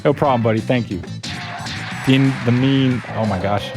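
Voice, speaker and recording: A man's voice: mid-range voice, a little fast. A man streaming a video game live, upbeat and playful as he chats with his viewers. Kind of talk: casual live-stream chat while gaming. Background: game music.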